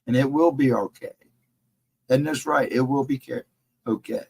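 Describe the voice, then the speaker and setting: A man's voice: medium pitch, normal speed, gravelly, darkish tone, a little hiss or hum, poor audio. A middle-aged man co-hosting a casual livestream chat, talking in an earnest, encouraging way and repeating his advice. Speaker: livestream co-host.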